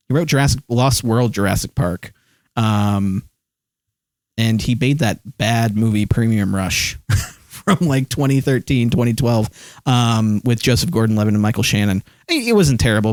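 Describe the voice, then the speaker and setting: A man's voice: on the low side, darkish tone, no echo. A man streaming live, chatting casually about movies and answering chat with lots of ums and uhs. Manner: rambling, many fillers, reads chat aloud.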